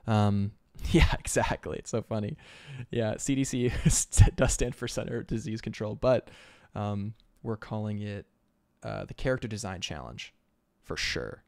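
A man's voice: lowish voice, measured pace, vocal fry, a little mellow, no echo. A man chatting casually on an art livestream, upbeat and chatty, laughing often. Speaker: concept artist streamer.

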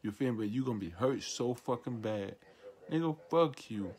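Man from Nigeria, self-styled prophet, profane defiant rant to camera, mid pitch. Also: expressive, normal speed, a little mellow, breathy edge. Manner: defiant, profane, repetitive ranting with taunting asides.

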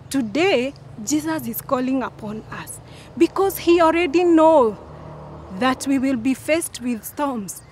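A woman giving a children's sermon as a Sunday school teacher, slow and emphatic, repeating lines for the children to echo. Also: sits high, a little hiss or hum.

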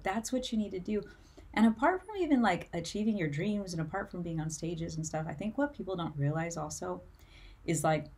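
A woman's voice: low voice, darkish tone, slightly rough. A woman music career coach talking to camera in an earnest, emotional way, tearful at times and full of "like" fillers. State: tearful, near crying. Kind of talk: motivational talk to camera.

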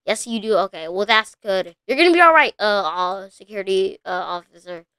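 A young woman hosting a gaming channel, narrating a game with excited, exclamation-filled commentary. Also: medium pitch, a little fast, clean tone, no room sound, clean studio sound. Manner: breathless, frequent exclamations.

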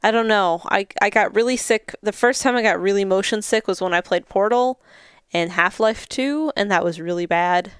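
Brief: sleepy female co-host, smooth clear voice, dry close sound, reading chat. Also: medium pitch, moderate pace, dry recording. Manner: relaxed, reads chat aloud. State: tired, yawning. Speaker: stream co-host. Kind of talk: casual chat reading viewer comments.

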